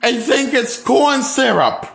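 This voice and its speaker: A man giving a casual movie review, incredulous and animated, often repeating himself and laughing nervously. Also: very high voice, creaky. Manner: repeats himself, halting restarts. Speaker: movie critic.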